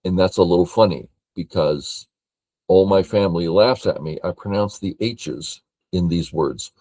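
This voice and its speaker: This older California man reviews a board game as a teacher would, thinking aloud slowly and matter-of-factly. His voice sits low with a warm tone, and there's no echo.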